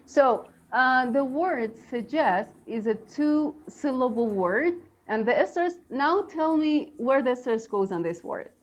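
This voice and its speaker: Woman co-host, unhurried teacher, light high voice, loose filler-heavy delivery. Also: animated. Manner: chatty, many fillers, laughs often. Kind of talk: casual live English lesson.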